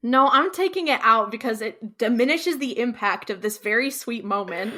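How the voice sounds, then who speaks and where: A woman's voice: fairly high pitch, lively intonation, normal speed, sharp tone. A woman co-hosting a podcast in casual chat, explaining things and teasing her co-host.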